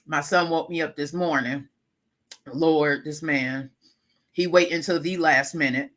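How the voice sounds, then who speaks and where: A middle-aged woman chats casually on a live stream, her voice bright and ringing even though she is stuffed up and keeps clearing her throat. She is lively and talkative and keeps turning to her viewers with a friendly y'all. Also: sits low, unhurried. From Lackawanna, New York, USA. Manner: chatty, animated, laughing asides, calls audience y'all. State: congested, runny nose, clearing throat. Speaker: livestream host.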